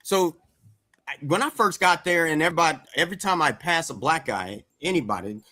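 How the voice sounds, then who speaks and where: Middle-aged guy from dc, blunt, swears some, keeps pushing to get real, kinda high voice, dry sound. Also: expressive, a little fast, bright, forceful tone, no echo. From Washington, D.C. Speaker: men's circle coach. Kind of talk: candid group talk.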